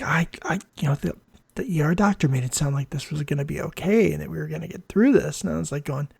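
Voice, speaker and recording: Man, gravelly voice, dry close mic, podcast host, animated storyteller. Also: on the high side, no room sound. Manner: animated storyteller, quotes people in dialogue. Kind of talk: conversational interview storytelling.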